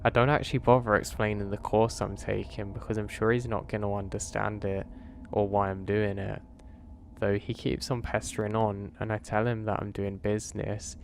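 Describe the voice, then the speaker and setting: Guy reading a creepy story, lowish voice, steady and earnest, faint hiss behind. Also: normal speed, vocal fry. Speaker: horror story narrator. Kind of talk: first-person horror story narration.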